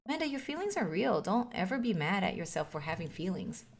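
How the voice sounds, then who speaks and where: A woman's voice: mid-range voice, very animated, fast. A woman reading a caring, goofy dad. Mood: reassuring. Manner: earnest and gently reassuring. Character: caring, goofy single dad consoling his daughter.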